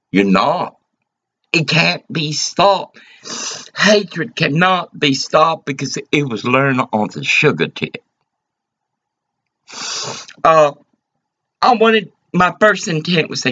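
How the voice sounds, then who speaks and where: A man's voice: fairly high pitch, lively intonation, takes it slowly, long pauses, bright, forceful tone. A man delivering an agitated, rambling, profane rant to the camera. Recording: dull lo-fi recording.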